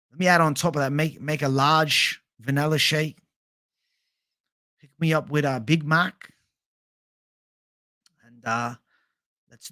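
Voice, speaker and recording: Laid-back Australian fighter, halting and slow, as a man's impression. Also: mid-range voice, pushed and bright, no room sound, studio quality. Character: gruff Australian heavyweight fighter ordering fast food.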